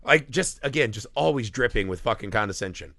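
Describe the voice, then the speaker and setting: Animated, profane male podcast host. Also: fairly low pitch, vocal fry, no echo, clean studio sound. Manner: animated, profane, acts out characters in quick impressions. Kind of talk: casual movie-review chat.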